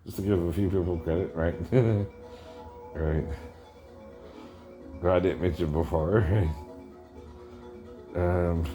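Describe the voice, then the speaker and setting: A man's voice: deep voice, steady tone, takes it slowly, pauses often, warm tone, faint music behind. A man in his fifties giving rambling commentary on a video, chuckling often and tagging his sentences with "right?".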